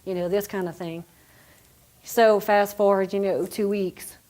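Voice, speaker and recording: A woman tells a deeply personal story. She talks conversationally and emotionally, full of "you know" and "like", at an ordinary middle pitch. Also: fairly even intonation, a little slow, mellow. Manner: conversational, many fillers, emotional. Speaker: police officer's widow.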